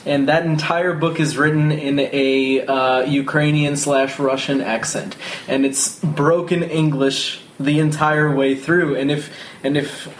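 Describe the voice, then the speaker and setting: A man's voice: on the high side, little pitch movement, measured pace. A man on a podcast talking earnestly and thoughtfully about a book in a casual chat. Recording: roomy echo with faint noise.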